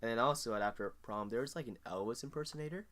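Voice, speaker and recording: A man's voice: medium pitch, quick pace, a bit bright. A teenage boy co-hosting a podcast, chatting and reacting in a casual, upbeat way. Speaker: podcast co-host. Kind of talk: casual chat.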